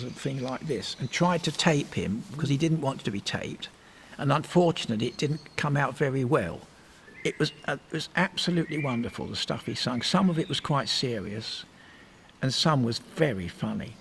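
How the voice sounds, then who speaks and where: An older man with a gravelly, creaky voice telling long, rambling stories in an interview. He drifts from one memory to the next with restarts and asides, at an ordinary middle pitch. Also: slight background noise. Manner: rambling anecdotal storyteller, meandering with restarts. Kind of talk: reminiscing in a casual interview.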